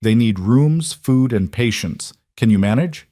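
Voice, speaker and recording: A man voicing a gruff rancher who speaks curtly and gives little away. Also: mid-range voice, lively intonation, unhurried, warm tone, dry recording, clean studio sound, close to an everyday voice. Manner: curt, terse.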